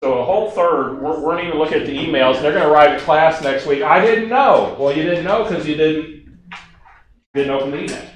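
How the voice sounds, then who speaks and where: A man's voice: a little high, steady tone, fairly quick, recorded from a distance. Man teaching a class in an echoey room. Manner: conversational, engaging, asks the audience questions. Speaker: instructor. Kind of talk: training presentation with anecdotes. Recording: very echoey room, faint noise.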